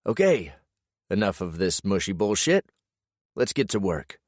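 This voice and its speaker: A man's voice: deep voice, sing-song, a little slow, no echo, studio quality, heavily acted. A male narrator voicing a determined grown man who speaks firmly and earnestly. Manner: firm, earnest. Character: determined grown man, protective older brother figure.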